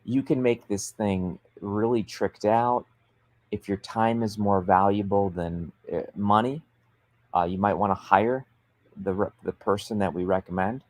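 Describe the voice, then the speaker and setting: A man with a lowish voice talks on a livestream, coaching authors with emphatic, persuasive energy. The sound is close and dry, with no room around it. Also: fairly even intonation, a little slow, dry recording. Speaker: author coach and show host. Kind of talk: livestream business talk.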